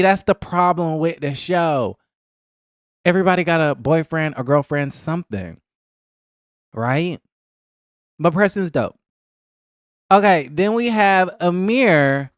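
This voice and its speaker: A man chatting casually about a reality show, gossipy and animated, with a close mic. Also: smooth, no echo. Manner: gossipy and animated, acting out cast members in a higher voice. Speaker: reality TV recap vlogger. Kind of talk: casual chat.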